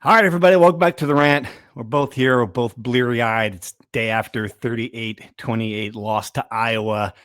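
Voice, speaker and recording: Podcast host, male, mid-pitched, rambling and wry, dry close mic. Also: steady tone, moderate pace, hardly any pauses, a bit bright, dry recording. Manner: rambling, self-deprecating, trails off. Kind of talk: casual sports podcast chat.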